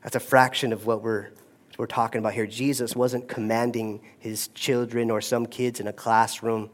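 A male pastor with a mid-range voice and flat delivery preaches a sermon. He swings between hushed, drawn-out phrases and loud, rising emphasis.

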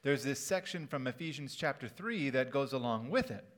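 A man's voice: mid-range voice, lively intonation, normal speed. Man, pastor, middle-aged, humorous conversational sermon, church auditorium. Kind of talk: sermon with storytelling.

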